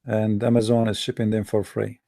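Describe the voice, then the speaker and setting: Gravelly guy hosting a debate show, mocking and emphatic, repeats himself a lot. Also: lowish voice, flat delivery, brisk, warm tone, no echo, studio quality. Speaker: host of an online debate show. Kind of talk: casual monologue to a live audience.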